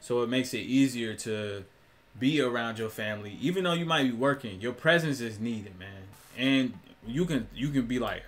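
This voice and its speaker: A man's voice: medium pitch, a bit bright. A man giving a blunt, profane opinion rant full of slang, often acting out other people's lines. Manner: profane, blunt, slangy, acts out quick voices. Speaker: online commentator. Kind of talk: casual opinion rant to camera.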